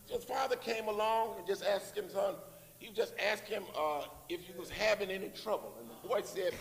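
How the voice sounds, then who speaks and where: High-voiced preacher echoing in a church. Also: male voice, moderate pace, creaky. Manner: call-and-response preaching, rising emphatic phrases. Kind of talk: sermon. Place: church sanctuary. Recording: long reverb in a church hall.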